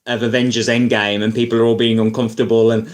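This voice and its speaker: A man ranting casually about films as a YouTuber, rambling and animated, full of fillers and asides. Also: medium pitch, fast. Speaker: YouTuber film reviewer. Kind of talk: casual opinion rant.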